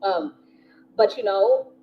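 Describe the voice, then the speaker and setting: An American woman who is a spiritual teacher and channel host tells a rambling personal story, chatty and casual, laughing often, swearing freely and saying "you know" a lot. Her mid-range voice is slow with lively intonation, and the recording is slightly dull with faint hiss.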